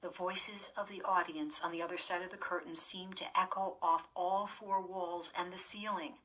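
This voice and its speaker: Sex: woman. Role: audiobook narrator. Style: scripted horror story narration. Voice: bright, husky. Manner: measured. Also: on the low side, steady tone, low-quality recording.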